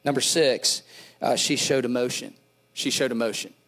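A middle-aged man pastor preaching a sermon, animated, often repeating and restarting words, with dad jokes. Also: mid-range voice, moderate pace.

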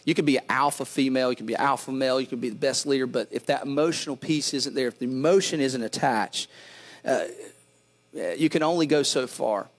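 A middle-aged man pastor preaching a sermon, animated, often repeating and restarting words, with dad jokes. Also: medium pitch, fairly quick.

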